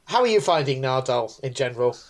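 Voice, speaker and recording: A man's voice: mid-range voice, lively intonation, fast. A man cohosting a casual podcast, answering with dry, wry remarks. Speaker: podcast co-host.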